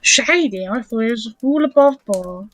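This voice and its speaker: A woman's voice: on the high side, lively intonation, measured pace, fairly bright tone. A woman chatting as a player at a tabletop game, speaking in brief remarks. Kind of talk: casual chat at a game table.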